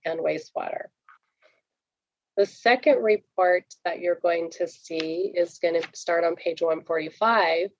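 Brisk woman presenting a budget report. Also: lowish voice, a little mellow, dry recording, highs cut off. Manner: brisk and explanatory, with frequent fillers. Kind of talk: public board meeting presentation.

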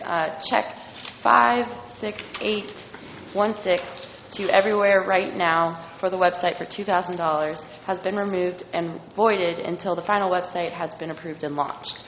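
Staff reporter, woman, methodical with numbers; lo-fi meeting audio, faint hiss. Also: mid-range voice. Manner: careful reading of figures, correcting herself. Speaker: district staff member. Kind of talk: agenda report to a board. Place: public board meeting room. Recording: echoey hall, dull lo-fi sound, faint noise.

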